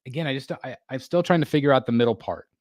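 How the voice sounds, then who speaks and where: A man's voice: medium pitch, a little mellow, dry recording, studio quality. A man hosting a casual livestream, reading out viewer comments with lots of fillers, restarts and small laughs. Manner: halting, many fillers and restarts, laughs often. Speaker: livestream host. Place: home room being built.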